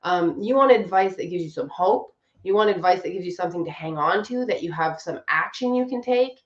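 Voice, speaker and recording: A woman's voice: lowish voice, brisk. A woman marriage coach giving casual advice in a conversational way, often acting out what other people say. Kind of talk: casual advice talk to camera. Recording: roomy, slightly dull recording.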